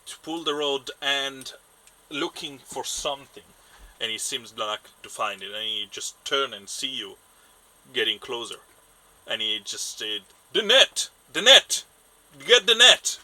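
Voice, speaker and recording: A man acting as game master for a tabletop game narrates events in a halting, stop-start way, often restarting his phrases. His mid-range voice sounds very bright and tense, and the audio is poor.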